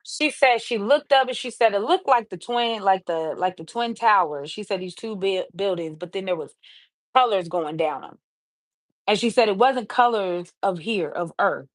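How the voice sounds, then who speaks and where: A woman's voice: mid-range voice, dry recording, clean studio sound. A woman hosting a livestream, earnestly retelling someone's story and often stopping to say "she said". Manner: earnest retelling with many repeated "she said" asides. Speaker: livestream host.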